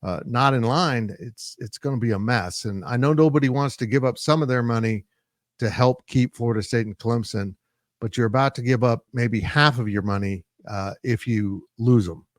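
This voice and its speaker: A male sports analyst discussing college football in a measured, analytical way, with frequent "uh" fillers. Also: medium pitch, dry recording, clean studio sound. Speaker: sports site publisher and analyst.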